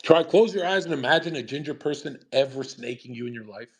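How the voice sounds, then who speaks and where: A man hosting a live stream, talking casually in a brash, profane, animated rant. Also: medium pitch, fast talker, husky. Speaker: streamer host.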